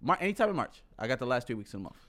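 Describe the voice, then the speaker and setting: A man's voice: mid-range voice, very animated, very fast, fairly bright tone. A young man co-hosting a podcast in slangy casual chat, swearing freely. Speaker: podcast co-host.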